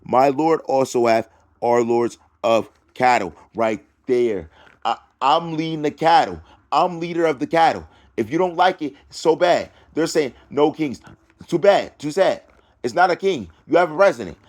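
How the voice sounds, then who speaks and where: Man preaching and taunting, voice riding high. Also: animated, normal speed. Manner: loud preaching that swings into taunting. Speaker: self-styled preacher. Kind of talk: ranting scripture reading.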